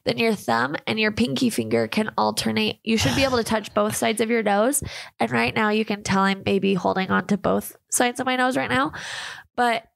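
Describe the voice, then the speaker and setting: A woman's voice: on the high side, fairly even intonation, moderate pace, gravelly. A woman co-hosting a podcast, a fitness trainer who earnestly talks listeners through breathing techniques in casual chat.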